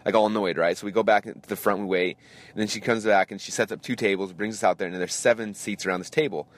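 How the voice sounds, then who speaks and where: A man in his thirties hosting a podcast, telling a story in a casual, animated way and acting out the people in it. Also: lowish voice, quick pace. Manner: animated, acts out voices in anecdotes. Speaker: podcast host.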